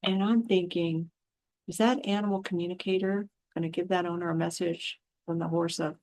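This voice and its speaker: A woman's voice: on the low side, steady tone, normal speed, a little mellow. A woman who works as an animal communicator, talking frankly in a casual monologue and slipping into voices when she quotes people. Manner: chatty storyteller acting out quotes in changed voices; frank, exasperated asides. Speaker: animal communicator and spiritual healer.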